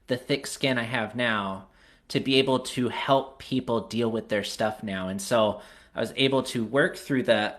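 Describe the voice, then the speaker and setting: A man's voice: medium pitch, unhurried, fairly bright tone. A man hosting a candid personal conversation, earnest and reflective. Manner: earnest, reflective, laughs between thoughts.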